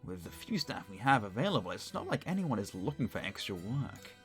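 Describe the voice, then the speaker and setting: A man's voice: on the low side, very animated, a little fast, voice pushed down. A man with a Northern English accent reading the lines of an old, evasive male butler in a formal, polite manner, with faint music behind. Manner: polite, formal, read aloud.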